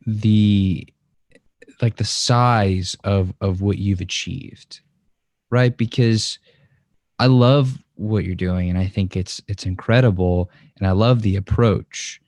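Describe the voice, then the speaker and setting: A man's voice: fairly low pitch, slow, a little mellow, dry recording. A man hosting an interview, asking long encouraging questions with restarts. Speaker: podcast host.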